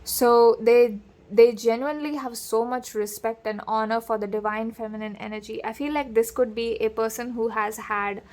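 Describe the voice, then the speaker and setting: A woman's voice: on the high side, steady tone, normal speed, a little mellow. A woman giving a casual spoken tarot reading, talking straight to the listener and drifting into digressions and asides. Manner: digressive, addresses the listener directly with frequent asides. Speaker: tarot reader.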